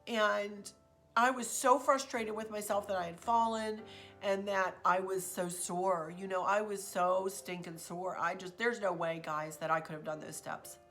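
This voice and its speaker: A woman telling a story in a chatty, expressive vlog. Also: mid-range voice, measured pace, soft background music. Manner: chatty, expressive, says "y'all". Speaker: vlogger.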